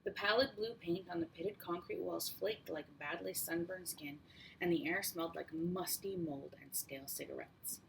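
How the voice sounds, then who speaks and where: A woman reads a first-person story in a steady, measured way. Her voice sits on the low side, and a faint hiss runs under the recording. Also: vocal fry, low-quality recording. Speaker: audiobook reader. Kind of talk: first-person audiobook narration.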